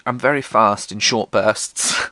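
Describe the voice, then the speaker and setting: A podcast host speaks slowly in a steady, sharp tone, dry recording. He tells humorous stories from his life in a self-mocking, irreverent way, swearing freely and acting out what people said in jumpy pitch.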